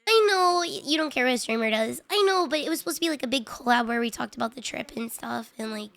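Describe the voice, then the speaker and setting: A woman's voice: a little high, animated, fast talker, creaky, a bit bright. A woman streamer chatting casually to her viewers, rambling with lots of filler words and putting herself down, audibly frustrated. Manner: rambling, filler-heavy, self-deprecating. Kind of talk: casual live-stream chat.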